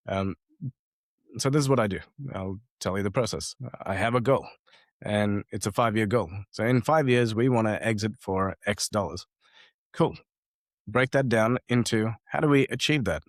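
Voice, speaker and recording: A man's voice: lowish voice, moderate pace, dry recording, studio quality. Man telling business stories, acting out voices. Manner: animated storytelling, acts out quoted people. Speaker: guest entrepreneur. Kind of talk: conversational business advice. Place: home office with awards on wall.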